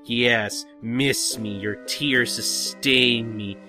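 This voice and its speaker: A man's voice: mid-range voice, steady tone, very slow, bright, forceful tone, soft background music, exaggerated voice. A man doing a comic voice of a bratty, gleeful alien teenage girl who gloats over her friends' misery. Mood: gloating. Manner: gloating, sing-song. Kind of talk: podcast impression.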